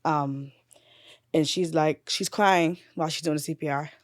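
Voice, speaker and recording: A woman's voice: sits low, steady tone, normal speed, dry recording. Candid grieving woman, dry close sound. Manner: candid, swearing, drifts from loud retelling to quiet grief. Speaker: guest, nurse and bereaved mother. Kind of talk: emotional podcast conversation.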